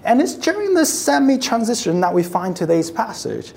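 A woman's voice: medium pitch, big pitch swings, normal speed, gravelly, a little mellow. A woman preaching a sermon, telling the scene as a story and acting out how the crowd reacts, often repeating and restarting words as she builds. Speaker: pastor.

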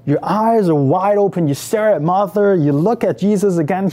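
A man's voice: high-pitched, moderate pace, few pauses, warm tone. A man leading a guided imaginative meditation, telling the story emotively in the second person. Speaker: prayer leader.

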